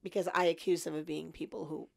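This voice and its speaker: A woman in her fifties, a podcast guest, telling her story in an animated, self-mocking way. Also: sits low, fast talker, gravelly.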